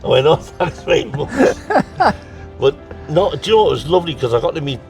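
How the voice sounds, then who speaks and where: Lively Tyneside man with a gravelly voice. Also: on the high side, racing, recorded from a distance, soft background music. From North East England. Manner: lively, laughs through his stories, acts out quotes. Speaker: guest. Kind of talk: casual storytelling chat.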